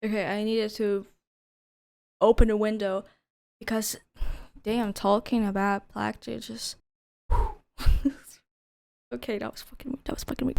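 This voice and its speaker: A woman's voice: on the high side, fairly even intonation, slow, gravelly, pauses often, darkish tone. A young woman reviewing a video game in a casual, gushing way, swearing and laughing often.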